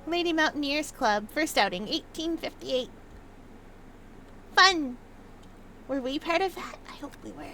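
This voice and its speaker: A woman's voice: high voice, animated, measured pace, long pauses, pushed and bright, faint music behind. A young woman casually commenting as she plays a video game, playful and chatty, sometimes reading notes aloud in a mock old-fashioned manner. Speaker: gaming video host. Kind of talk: casual let's-play commentary.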